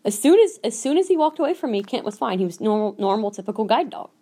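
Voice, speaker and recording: A woman's voice: a little high, very animated, fast, warm tone, breathy edge. A woman hosting a podcast, telling a personal story in a casual, earnest way and acting out the voices of people she quotes. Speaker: podcast host.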